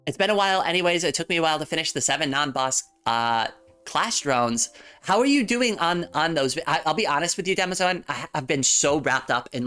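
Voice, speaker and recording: Woman streamer, casual chat, bright tone, giggly, faint music behind. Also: low-pitched. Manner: chatty, giggly, talks straight to chat and repeats words while thinking. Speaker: livestreamer.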